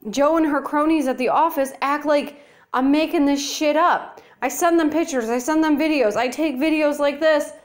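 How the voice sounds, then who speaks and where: A woman's voice: high voice, normal speed. A young woman ranting to camera in her apartment, profane, blunt and exasperated, filming on a handheld phone. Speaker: vlogger. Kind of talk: angry rant to camera.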